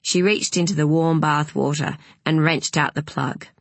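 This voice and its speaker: A woman narrating an audiobook in a measured, unhurried way, with a breathy voice. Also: low-pitched, fairly even intonation, dry recording.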